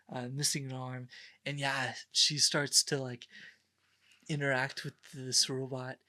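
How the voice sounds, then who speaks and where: Slow-talking, bright-toned man chatting. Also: medium pitch. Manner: agreeable, lots of quick affirmations and laughs. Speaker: podcast co-host. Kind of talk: casual chat.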